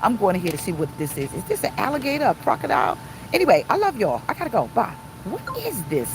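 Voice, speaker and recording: A woman preaches to her livestream viewers, pressing her points by repeating them. Her voice sits at a middle pitch for a woman. A faint rumble from a vehicle runs underneath. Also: huge pitch swings, fast. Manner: emphatic, repeats phrases, talks to live viewers. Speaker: pastor. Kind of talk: informal livestream sermon.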